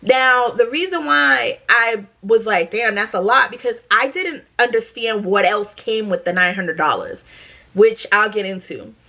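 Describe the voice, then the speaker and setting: A woman in her thirties from Massachusetts telling a storytime to camera in a blunt, profane, animated way. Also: a little high, a little slow. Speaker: storytime vlogger.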